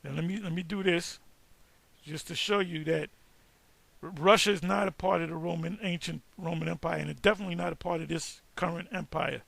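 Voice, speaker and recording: A man giving a casual online lecture, reacting to search results in an emphatic, halting way with many restarts. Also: a little high, fairly even intonation, gravelly, a bit bright, dry recording. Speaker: online teacher.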